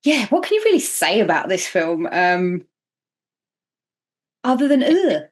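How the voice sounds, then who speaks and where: A woman hosting a podcast in casual chat, chatty and self-mocking with quick asides. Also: medium pitch, big pitch swings. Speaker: podcast host.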